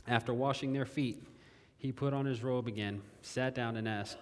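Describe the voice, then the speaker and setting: Male pastor, mid pitch, chatty sermon delivery with repeated phrases, long hall echo. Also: steady tone, moderate pace. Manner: conversational, repeats phrases, asks the audience questions.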